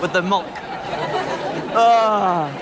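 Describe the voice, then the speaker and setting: A man's voice: high voice, drawn-out words, crowd noise. A man hosting a late-night talk show, joking and laughing often with his guests. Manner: jokey, laughs often, playful. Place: television studio with audience. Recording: noisy studio with live audience.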